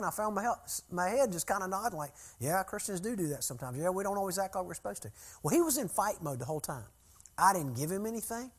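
With a high, slightly rough voice, an older preacher and church consultant tells a group a long story in a folksy, conversational way. It's sermon-style teaching built around storytelling.

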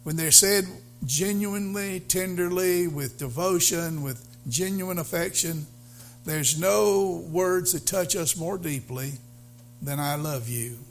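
Slow, halting male pastor preaching. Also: sits high, soft background music. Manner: slow, halting with many fillers, rising to fervent emphasis. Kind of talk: sermon.

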